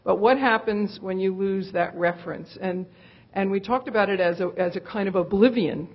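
A woman's voice: mid-range voice, moderate pace, dull audio. A woman interviewing an artist onstage, asking long, thoughtful questions that search for words with many fillers. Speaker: interviewer, curator. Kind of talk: live onstage conversation.

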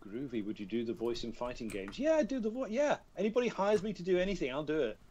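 A man's voice: fairly high pitch, big pitch swings, quick pace, a little mellow, lo-fi sound, slight background noise. A man with a British accent, a guest voice actor chatting casually over a video call on a tablet, talking through what he is doing and laughing at himself.

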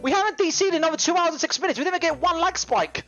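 A man's voice: extremely high pitch, rapid-fire, pushed and bright, dull audio. A British man livestreaming, telling rambling slangy stories with plenty of swearing. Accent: British English. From United Kingdom. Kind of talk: casual livestream chat.

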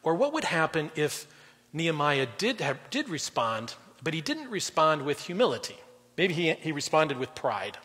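Husky-voiced male guest pastor, echoing hall. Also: fairly high pitch, very animated, moderate pace. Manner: conversational preaching, swings between loud emphasis and quiet drops. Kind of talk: sermon. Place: church auditorium. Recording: long reverb in a large hall.

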